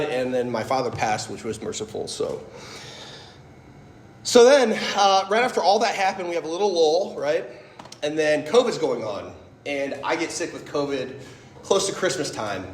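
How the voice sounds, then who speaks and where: A man's voice: medium pitch, a little hiss or hum. Chatty man in his thirties, echoey hall. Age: 30s. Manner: conversational, storytelling, frequent "like" and "right?". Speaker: speaker giving a faith talk. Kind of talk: personal testimony talk.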